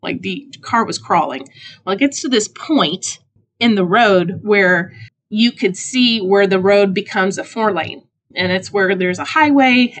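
A middle-aged woman hosting a podcast, telling a story in a casual, self-mocking way and jumping into high voices when she quotes people. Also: fairly bright tone. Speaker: podcast host.

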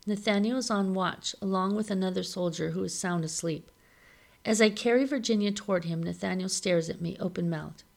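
A woman reading a novel aloud in a steady, measured storytelling manner. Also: medium pitch, vocal fry. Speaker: reader of a novel.

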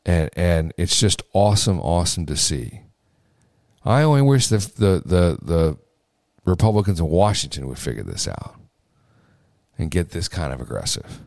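A man's voice: low voice, big pitch swings, moderate pace, gravelly, a little mellow, dry recording, clean studio sound. A man hosting a political podcast, talking off the cuff with fillers, restarts and emphatic repeated phrases. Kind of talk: casual political commentary.

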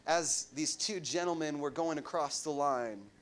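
Guy with a pretty high voice preaching, lots of rhetorical questions and repeated lines, goes soft and quiet on the big points. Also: unhurried, a little hiss or hum. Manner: rhetorical questions to the congregation, emphatic repetition. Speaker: pastor. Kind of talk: sermon.

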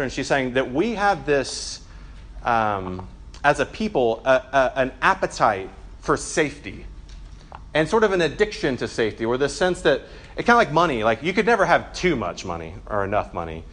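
Young adult man, pastor, casual sermon, medium pitch, chatty, filler-heavy. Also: brisk. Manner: relaxed and chatty, with frequent "like" and self-corrections.

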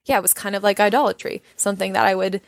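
A woman's voice: medium pitch, fairly even intonation, rapid-fire, vocal fry, dry recording. Young woman guest, earnest and reflective, casual faith chat, dry close sound. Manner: earnest, reflective, frequent "like" and "you know". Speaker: guest sharing her story.

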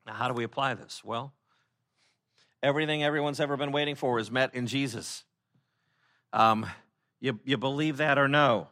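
Bright-voiced man preaching a sermon. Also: mid-range voice, a little fast. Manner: conversational, with many fillers and restarts; acts out quoted speakers in animated voices. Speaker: pastor.

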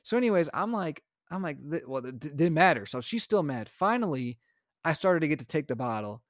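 A young adult man, a podcast co-host and father, telling a story in casual chat and acting out his own lines with animated energy. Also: a little high, fairly quick, dry recording, clean studio sound.

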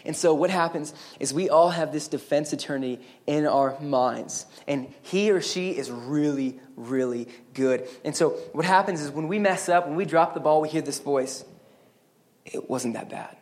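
A man's voice: normal speed, few pauses. A man preaching a sermon as pastor, earnest and emphatic, with casual asides to the congregation. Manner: earnest, emphatic preaching that rises higher and louder on exhortations; conversational asides and checks with the congregation.

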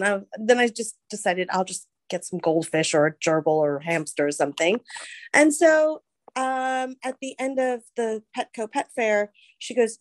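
A woman talks as an interview guest, chatty and openly emotional. Her voice is mid-pitched and recorded dry. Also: normal speed, dry recording. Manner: emotional, chatty, animated storyteller. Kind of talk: casual interview chat.

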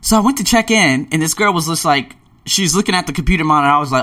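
A man's voice: fairly high pitch, lively intonation, quick pace, pushed and bright. A man in his late twenties telling travel stories in a casual vlog, acting out scenes with gasps and little voices. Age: late 20s. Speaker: vlogger.

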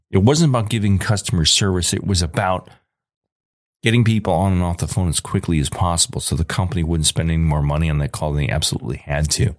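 Angry low-voiced guy in his 40s ranting on his podcast, dry close sound. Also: fast talker, no echo. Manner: angry, emphatic, repetitive. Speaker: podcast host. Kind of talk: ranting monologue.

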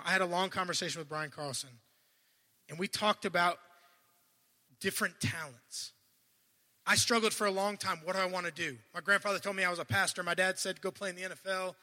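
Brief: male preacher, very bright and sharp tone, animated delivery with loud bursts and hushed asides, stumbles and restarts. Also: sits high, big-room sound. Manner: admits to stuttering and restarting. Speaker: guest preacher. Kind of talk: sermon.

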